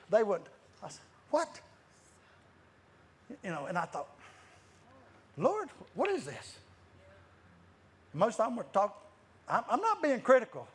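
A man's voice: high voice, husky. A man preaching a sermon, telling stories with many restarts and frequent laughter. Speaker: guest preacher. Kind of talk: lively sermon storytelling.

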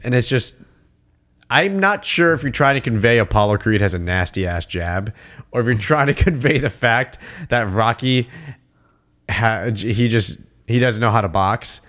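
A man's voice: medium pitch, animated, moderate pace, a bit bright. A man in casual chat recapping a boxing movie, swearing freely and acting out the characters' lines between laughs. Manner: laughing, profane, acts out quoted lines.

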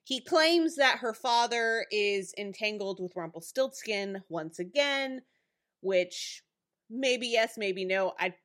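A woman co-hosting a podcast recaps a TV episode in casual chat, laughing often and acting out characters' lines. Her voice is fairly high and a bit bright, with lively intonation and a slow pace.

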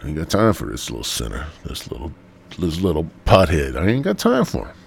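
Guy putting on a deep lazy god voice, waving off some sinner, stuffy nose. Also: wildly swooping pitch, fairly quick, gravelly, exaggerated voice. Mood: dismissive. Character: dismissive bored male God, brushing off a sinner.

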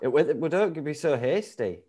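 A man's voice: a little high, lively intonation, moderate pace, dark tone, husky. A man hosting a podcast, bantering casually over a video call. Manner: banterous, joking, swears casually. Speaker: podcast host.

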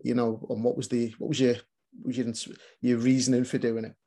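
A man's voice: mid-range voice, flat delivery, brisk, mellow. A man hosting an interview in casual chat, eager and encouraging toward his guest. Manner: eager, encouraging, frequent agreement. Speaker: host.

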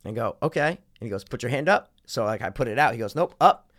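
Animated, profane storytelling man. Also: medium pitch, quick pace, no echo, studio quality. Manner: animated, profane, acts out voices in his story. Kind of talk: casual storytelling chat.

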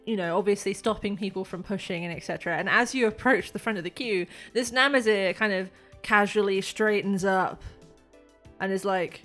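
A woman's voice: medium pitch, normal speed, a bit bright, soft background music. A woman narrating as game master in a chatty, giggly way.

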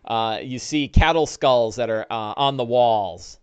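A man narrating as game master, describing combat and breaking into loud monster voices. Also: mid-range voice, unhurried, clear, resonant tone, highs cut off. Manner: lively narration with shouted orc voices.

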